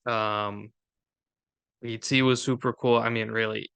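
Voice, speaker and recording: A man's voice: fairly low pitch, level tone, a little slow, creaky, fairly bright tone, clean tone. A man co-hosting a golf podcast from Minnesota, chatting casually and upbeat, laughing often. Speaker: podcast co-host. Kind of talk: casual chat.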